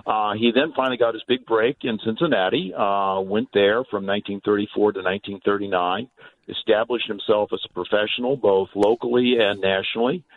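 A man's voice: fairly low pitch, steady tone, fairly quick. Hesitant man on a tinny phone line. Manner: hesitant, many filler sounds. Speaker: guest. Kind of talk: interview answers.

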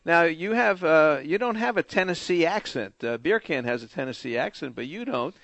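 A man's voice: fairly high pitch, lively intonation, normal speed, a bit bright, no echo. A man hosting a radio show, chatty and jovial, interviewing a guest and reading station promos. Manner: jovial, chatty, laughs easily.

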